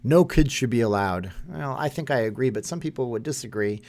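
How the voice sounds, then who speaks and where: A man's voice: medium pitch, lively intonation, fairly quick, darkish tone. A man, hosting a casual live stream and reading chat comments aloud in a rambling way. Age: 30s.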